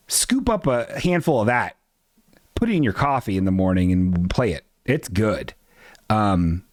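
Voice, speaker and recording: A man's voice: medium pitch, no room sound, studio quality. A man hosting a casual livestream chat, rambling, profane and self-mocking as he reads comments. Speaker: live show host.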